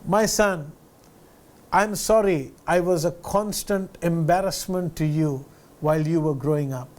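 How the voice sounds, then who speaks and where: A loving, dying elderly mother writes one last letter to her son, as a man reads her words in his own voice. The voice is high, soft and slow, and full of tenderness. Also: natural voice. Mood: tender. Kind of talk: reading a letter aloud in a story.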